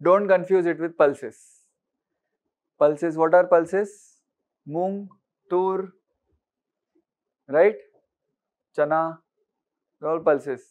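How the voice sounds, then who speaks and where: Extremely slow and full of pauses, this Indian English-accented lecturer has a steady, slightly mellow voice on the high side, heard through dull audio. Preparing students for exams, he frequently asks them questions, mixes in Hindi words, and repeats for emphasis.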